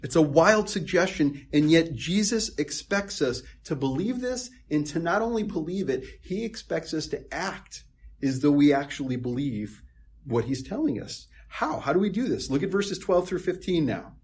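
A man preaching a sermon, emphatic, with repeated words, moving between strong stress and quiet asides. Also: on the high side, expressive, normal speed, breathy edge.

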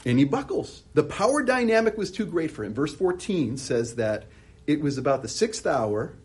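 Male preacher, lively pitch, husky tone, rhetorical and conversational, restarts a lot. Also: moderate pace. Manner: animated, rhetorical questions, frequent restarts. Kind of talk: expository sermon.

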